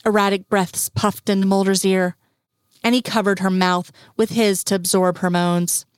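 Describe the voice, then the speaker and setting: A woman reading fiction aloud in a steady, unhurried storytelling manner. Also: mid-range voice, smooth, no echo. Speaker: reader.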